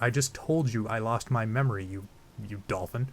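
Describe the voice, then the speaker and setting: A man's voice: lowish voice, normal speed. Crude, joking let's play guy. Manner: crude, joking, rambling with fillers. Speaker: game let's play host. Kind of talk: casual gameplay commentary.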